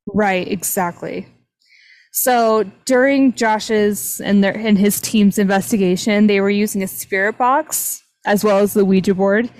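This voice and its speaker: A woman's voice: mid-range voice, steady tone, measured pace, darkish tone, no room sound, low-quality recording. A young woman hosting a casual podcast, retelling a paranormal investigation with lots of fillers. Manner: chatty, retelling a paranormal story with many "like" fillers. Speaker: podcast host. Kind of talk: casual storytelling chat.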